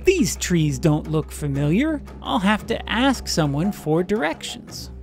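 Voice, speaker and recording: A man's voice: sits high, sing-song, a little slow, soft background music, exaggerated voice. A man voicing a young lost male dingo who asks for directions in a formal, old-fashioned way. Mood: polite pleading.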